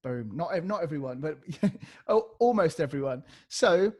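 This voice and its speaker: Man, slightly high voice, upbeat beatbox teacher on a video call demoing scratch sounds. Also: moderate pace. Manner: energetic, demonstrates vocal scratch sounds. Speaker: beatbox workshop leader. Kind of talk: live online workshop teaching.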